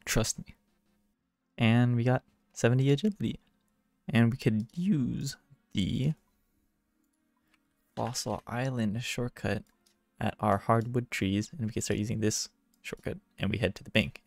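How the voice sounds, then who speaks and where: A man chatting casually through his own gameplay, self-mocking and quick to get excited. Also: fairly low pitch, gravelly, no echo. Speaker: gaming video creator. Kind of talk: casual game commentary.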